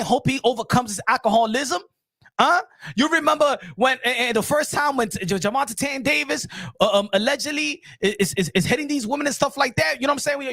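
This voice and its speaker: A man hosting a boxing commentary channel, preaching loudly and repeating his points straight at the person he is talking about. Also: very high voice, dry recording, studio quality. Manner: loud, preachy, repeats himself, addresses the subject directly. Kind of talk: emphatic boxing commentary vlog.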